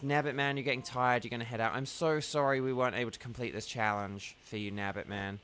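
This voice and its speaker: A man's voice: mid-range voice, fast, hardly any pauses, fairly bright tone, soft background music. A tired man rambling chattily to his viewers as he livestreams a game, talking straight to them. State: tired, yawning. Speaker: gaming livestreamer. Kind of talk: casual livestream commentary while playing.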